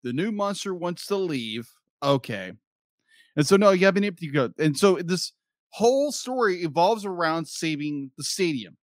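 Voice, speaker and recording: Male co-host, high bouncy voice, animated ranter, dry close sound. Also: moderate pace, no room sound. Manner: animated ranting, acting out quoted lines. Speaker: podcast co-host. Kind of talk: casual movie review chat.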